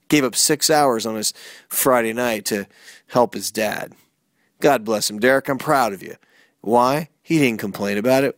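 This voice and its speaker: A middle-aged man hosting a motivational talk, energetic and storytelling, with emphatic rhetorical questions. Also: mid-range voice, no room sound, clean studio sound. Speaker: motivational speaker and host.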